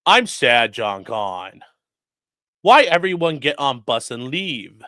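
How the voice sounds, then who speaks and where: Mopey childlike man in broken speech, whiny and slow, bright dry tone, put on by a man. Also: medium pitch, sing-song, dry recording, exaggerated voice.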